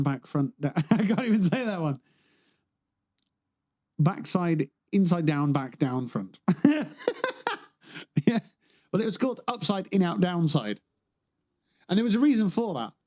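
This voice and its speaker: A man's voice: fairly high pitch, dark tone. Rambling, joking man streaming games. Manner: rambling, joking, swears freely. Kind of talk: casual gaming livestream chat.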